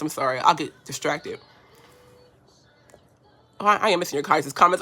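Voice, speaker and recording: A woman's voice: sits low, expressive, a little fast, pauses often, bright, forceful tone. A woman hosting a casual livestream while doing her makeup. She chats to her viewers, answers their comments and gets easily touched, filmed on the front camera of a phone at home. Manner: chatty, reads comments aloud and answers them, easily touched. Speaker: beauty livestream host.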